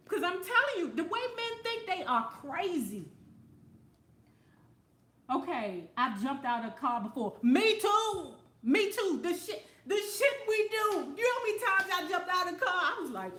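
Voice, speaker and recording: High-voiced woman host in an echoey room. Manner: animated, profane, storytelling, quick to laugh. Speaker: show host reading viewer comments. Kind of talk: casual talk show monologue.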